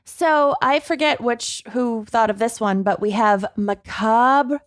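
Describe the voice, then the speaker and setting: Bubbly woman podcast co-host, slightly high. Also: takes it slowly, no room sound, studio quality. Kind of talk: casual chat.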